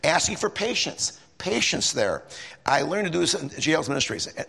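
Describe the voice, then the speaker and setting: Gravelly, husky man preaching in an echoey hall. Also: on the high side, sing-song, normal speed, sharp tone. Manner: folksy, rambling, emphatic with frequent restarts. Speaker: lay preacher. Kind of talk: bible study sermon. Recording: echoey hall with long reverb.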